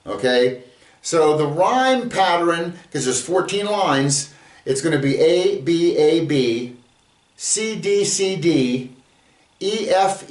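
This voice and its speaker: A man's voice: on the high side, roomy sound. A man giving a casual Bible lesson video, chatty and full of fillers, reading his verse aloud. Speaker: bible teacher.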